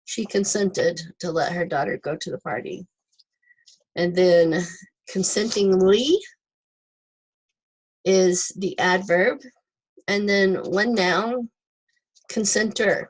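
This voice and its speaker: Slow, deliberate woman teaching English. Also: medium pitch, slightly rough, poor audio. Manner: slow, deliberate, spelling out word forms with example sentences. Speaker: ESL teacher. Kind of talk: recorded online lesson.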